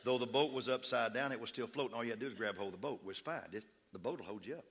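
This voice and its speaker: A man, a pastor, telling a story in a sermon with an animated, humorous delivery. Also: mid-range voice, very fast, breathy edge.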